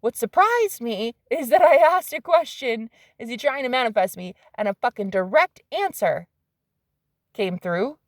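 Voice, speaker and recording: A woman giving a casual tarot reading to her viewers, excitable and swearing freely, swinging from hushed asides to loud exclamations. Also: medium pitch, no room sound, clean studio sound. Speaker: psychic medium and tarot reader.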